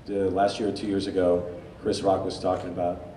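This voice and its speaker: A man telling lively anecdotes as a guest at a convention panel, recorded from the audience. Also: low-pitched, brisk. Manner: lively storyteller, slips into character voices. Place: large convention hall. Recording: echoey hall from far off, faint crowd noise.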